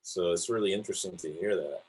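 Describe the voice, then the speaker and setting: A man's voice: low-pitched, fast talker, a little mellow, slightly rough, poor audio. A man co-hosting a podcast who reflects on and sums up what the guests said. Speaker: podcast co-host. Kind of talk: casual interview chat.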